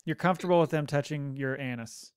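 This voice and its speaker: A man co-hosting a podcast in loose, jokey chat, often breaking into laughter. His voice is fairly high for a man and comes through smooth and clear. The sound is dry and close. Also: fast, dry recording. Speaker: podcast co-host. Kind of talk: casual chat.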